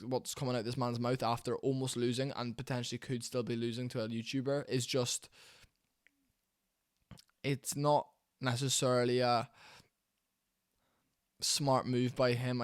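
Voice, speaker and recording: A man's voice: mid-range voice, dry recording, clean studio sound. A man giving rambling, candid boxing commentary at home, full of fillers and restarts. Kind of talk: casual opinionated commentary. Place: warm room at home.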